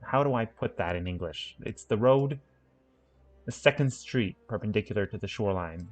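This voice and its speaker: A man's voice: lowish voice, animated, normal speed, faint music behind. A man giving casual let's-play commentary on a city-building game, rambling and correcting himself with playful asides. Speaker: gaming channel host.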